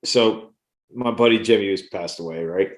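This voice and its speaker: A man's voice: lowish voice, normal speed. A middle-aged man co-hosting a podcast, telling rambling, profane stories in casual chat. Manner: rambling, swearing, laughing storyteller. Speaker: podcast co-host.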